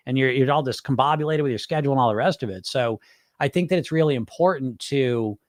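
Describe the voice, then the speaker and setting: On his weight-loss podcast, a fast-talking man of medium pitch works through viewer comments, loose and lively, with lots of cursing as he rambles. The sound is clean and dry, studio quality.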